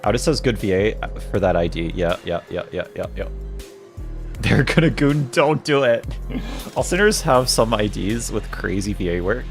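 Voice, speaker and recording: A man's voice: fairly low pitch, lively intonation, normal speed, soft background music. A man streaming a game and chatting casually, laughing often as he answers his viewers' messages. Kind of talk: casual livestream chat.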